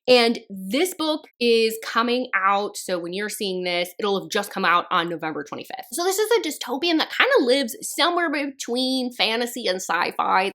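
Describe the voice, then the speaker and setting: A woman talking casually as a book reviewer, chatty and quick to laugh. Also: a little high. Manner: chatty, animated, laughs often. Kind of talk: casual chat.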